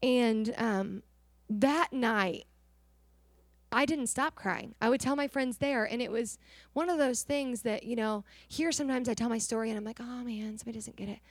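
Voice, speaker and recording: A woman's voice: a little high, measured pace, dry recording. Earnest woman telling a mission story. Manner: earnest, animated storytelling, acting out dialogue. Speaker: missionary sharing testimony. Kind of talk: emotional personal testimony to a congregation.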